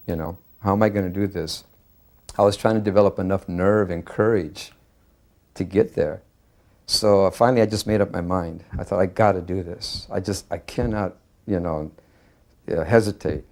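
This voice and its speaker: An older man reminiscing in an interview, earnest and halting, with many fillers as he recalls a memory. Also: on the low side, darkish tone. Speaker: devotee sharing memories.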